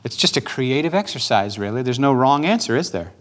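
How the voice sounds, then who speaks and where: A man preaching as a pastor, gently and patiently coaching listeners through a guided prayer and repeating his questions. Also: mid-range voice, sing-song, fairly quick.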